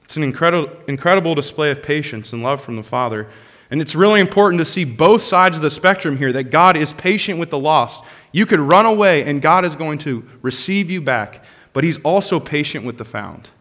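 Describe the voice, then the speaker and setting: A man preaching a sermon as a pastor, passionate, rising to loud bursts and dropping to soft, hushed lines. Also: fairly high pitch, expressive, a little fast. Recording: long hall reverb.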